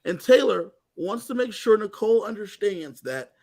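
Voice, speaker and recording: High-voiced man recapping with gusto. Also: moderate pace. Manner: animated storytelling, acting out quoted lines. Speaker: co-host. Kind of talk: casual recap chat.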